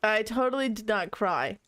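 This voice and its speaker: A woman's voice: mid-range voice, sing-song, normal speed, fairly bright tone, no room sound. A young woman streamer chatting casually while playing a game, reading on-screen text aloud and bursting into laughing shrieks. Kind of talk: casual gameplay commentary.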